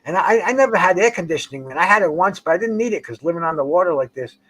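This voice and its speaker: A man's voice: high voice, animated, quick pace, fairly bright tone. An older man in casual chat, rambling and profane, stumbling over restarts as he talks outdoors by a dock on the water. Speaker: host.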